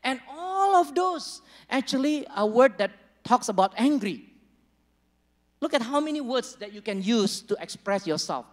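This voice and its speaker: A man's voice: very high voice, big pitch swings, a little slow. A man preaching a sermon as a pastor, conversational and joking with the congregation, acting out small dialogues. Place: church hall. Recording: long reverb of a large church hall.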